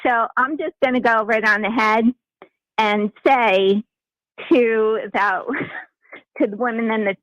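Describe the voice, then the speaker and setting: Forceful woman caller. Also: on the high side, slow pace, long pauses, dry recording, poor audio. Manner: forceful, emphatic. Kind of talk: call-in commentary.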